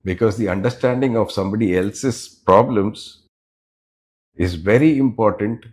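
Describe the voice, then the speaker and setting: A middle-aged man, answering interview questions as a business unit head in a measured, explanatory way with pauses between phrases. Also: on the low side, a little mellow.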